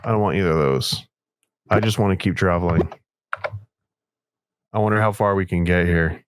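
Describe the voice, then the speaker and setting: A man's voice: deep voice, normal speed, no echo, studio quality. A man playing a game and chatting casually over a voice call, laid-back and joking, calling his friend dude and man. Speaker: guest player in a gaming video. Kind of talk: casual gameplay chat.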